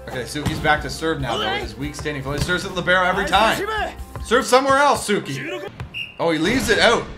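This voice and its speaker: A man giving casual, excitable reaction commentary on a sports anime, breaking into cheers at big plays. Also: high voice. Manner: excited outbursts cheering the play. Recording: music playing behind.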